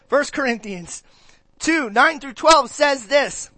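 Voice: high voice, dry recording. A pastor preaching a conversational sermon to a church, asking the congregation questions and acting out their reactions. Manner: animated, acts out listeners' reactions in quick put-on voices.

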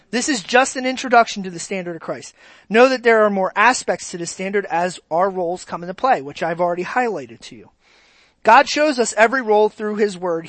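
A pastor preaching an animated sermon in a mid-pitched voice, dropping to quiet asides and then rising to loud exclamations. The preacher keeps asking the congregation direct questions. The recording is dry and close, with no room sound. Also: dry recording.

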